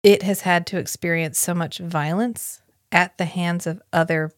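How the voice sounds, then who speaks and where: A woman with a fairly low voice and fairly even intonation co-hosts a podcast, chatting casually and thoughtfully about a book in a book-club style. The studio-quality recording has no echo, and she reflects on the story while quoting characters in quick asides.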